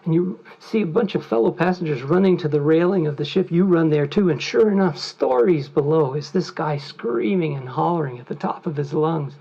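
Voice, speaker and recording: A man's voice: fairly high pitch, brisk, vocal fry, hardly any pauses, warm tone. A man telling a vivid, conversational story as a trainer in a lecture. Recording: muffled lo-fi recording.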